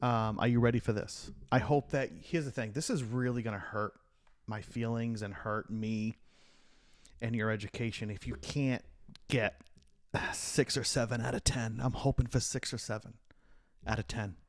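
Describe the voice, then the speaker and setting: A middle-aged man hosts a casual podcast conversation. He teases his daughter and quizzes her on history, talking easily in a relaxed chat. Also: medium pitch, normal speed, dry recording. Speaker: podcast host.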